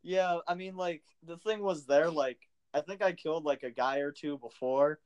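A man's voice: on the high side, moderate pace, darkish tone, clear, resonant tone. A young man co-hosting a casual gaming chat, rambling with many filler words and laughing often. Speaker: podcast co-host. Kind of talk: casual chat about a video game.

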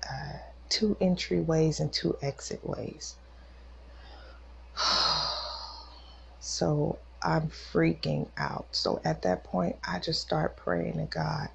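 A woman with a low, gravelly voice shares a personal faith testimony in a loose, conversational way. She voices the other people in her story with feeling. The recording is dull and lo-fi, with a faint hiss underneath. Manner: emotional, acts out quoted voices. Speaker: podcast host.

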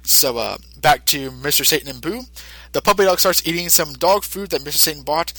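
Lively man rambling through a recap. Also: a little high, fairly quick, no echo, poor audio. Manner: rambling, lots of fillers, laughs easily. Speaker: podcast host. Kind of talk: casual episode recap.

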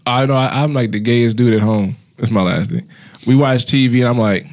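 A man co-hosting a podcast, telling loud, profane comedic stories with put-on voices. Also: mid-range voice, expressive, normal speed. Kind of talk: casual comedic chat.

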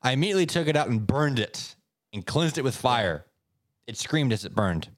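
A man co-hosting a podcast, telling stories in a casual, animated way. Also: moderate pace, dry recording, clean studio sound. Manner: animated storyteller, swoops up in pitch for effect. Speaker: podcast co-host. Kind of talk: casual chat, reading stories aloud.

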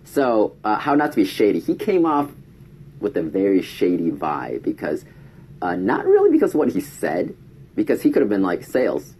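This vlogger's voice runs on the low side, a little mellow, with wildly swooping pitch and a moderate pace. He chats through a casual story to camera, acting out quotes in a raised voice, over slight background noise.

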